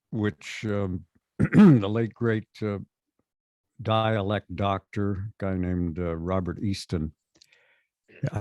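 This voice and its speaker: An older man with a standard American accent, telling stories in a measured, thoughtful way as an interview guest. His voice sits fairly low. The sound is dry and close. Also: darkish tone, dry recording. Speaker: guest voice actor. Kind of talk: interview conversation.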